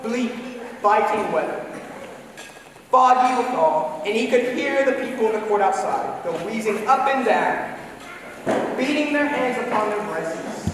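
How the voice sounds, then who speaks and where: A man giving a dramatic recitation of classic prose with a measured storytelling manner at a live event, heard from far off in an echoey hall. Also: very high-pitched, noisy background. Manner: measured, shifting tempo, storytelling. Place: live event in a historic building.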